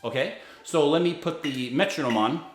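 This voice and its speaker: A man giving a violin lesson, walking through each fingering and bow stroke with patient explanation and beats counted aloud. His voice carries around a reverberant room, and loud violin playing sits in the background. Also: fairly high pitch, moderate pace, loud music behind the voice. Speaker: violin teacher. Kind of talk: instructional explanation.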